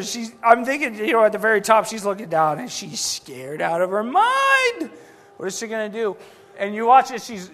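A man preaching a sermon, telling stories in an animated, excitable way with bursts of shouting. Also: high voice.

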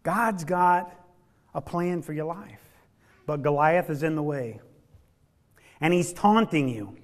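High-voiced preacher swinging loud to hushed. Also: male voice, lively intonation, slow pace. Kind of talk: sermon.

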